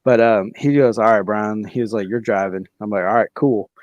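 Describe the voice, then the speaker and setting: A man's voice: on the low side, fairly even intonation, dry recording, muffled recording. A young man co-hosting a comedy podcast, telling rambling stories full of restarts and fillers. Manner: halting, many restarts and 'like'. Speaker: podcast co-host.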